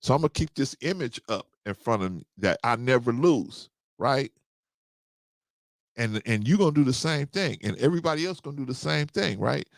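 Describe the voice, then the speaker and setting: A man's voice: medium pitch, lively intonation, moderate pace, creaky, no echo, studio quality. A man hosting a casual show, telling personal stories and acting out both sides of the conversations. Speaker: host. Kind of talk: casual storytelling and live chat commentary.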